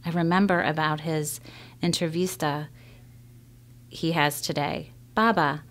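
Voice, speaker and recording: A woman reading a children's novel aloud in a measured first-person storytelling manner. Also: sits low, steady tone. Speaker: reader.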